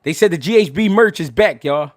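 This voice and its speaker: A young adult man talking loudly on a casual livestream, his voice sitting a little high for a man and swinging widely in pitch. He swears freely, laughs often and keeps the delivery animated and unpolished. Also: a little fast. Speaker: boxing commentator and show host.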